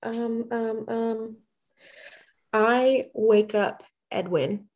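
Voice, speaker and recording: A woman playing a tabletop game, chatting eagerly and excitably about her character's actions. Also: a little high, drawn-out words. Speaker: player. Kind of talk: casual tabletop game chat.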